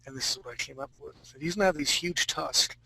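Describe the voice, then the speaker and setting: Gravelly, bright-voiced male drawing teacher. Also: medium pitch, fast, rough recording. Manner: casual, joking with the class. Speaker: art instructor. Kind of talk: live drawing lesson.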